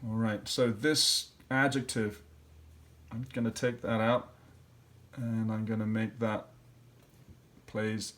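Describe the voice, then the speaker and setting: A man's voice: on the low side, little pitch movement, slow, pauses often, fairly bright tone. A man teacher working through practice questions, thinking aloud step by step and sounding out letters and syllables. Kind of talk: classroom lesson walkthrough.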